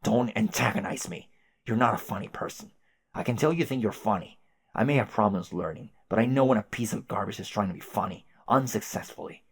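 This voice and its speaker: A man voicing a bratty, hot-tempered young male alien who shouts insults and demands answers. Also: lowish voice, a little fast, husky. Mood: defensive.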